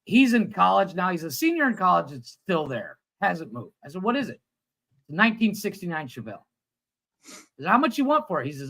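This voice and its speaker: A man in his thirties co-hosting a casual livestream chat, telling a long story with lively acted-out quotes and plenty of swearing. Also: sits high, fairly quick, vocal fry, rough recording. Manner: animated storyteller, acts out quotes, swears freely. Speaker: podcast co-host.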